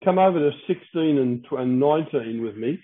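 A man's voice: a little high, animated. A man teaching through Bible verses, explaining Greek words, with frequent fillers and restarts. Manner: halting, many fillers and restarts, clears throat. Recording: tinny phone-like audio.

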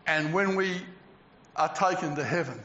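A man preaching a lively, humorous sermon to a local church, stretching out words for emphasis. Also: fairly high pitch. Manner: animated preaching with humour, drawn-out emphasis. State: out of breath. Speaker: pastor. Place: church hall. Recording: echoey hall, slightly dull sound.

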